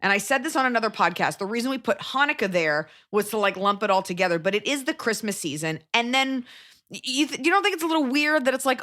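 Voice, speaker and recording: A woman's voice: medium pitch, very animated, brisk, pushed and bright. A young adult woman hosting a podcast, giving blunt, profane advice in a casual chat and jumping into quoted voices. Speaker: podcast host.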